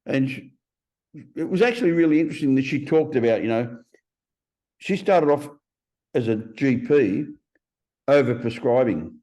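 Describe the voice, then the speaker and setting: A man in his fifties, a podcast guest telling stories in a blunt, profane, animated way. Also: medium pitch, normal speed, pauses often. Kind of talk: casual interview storytelling.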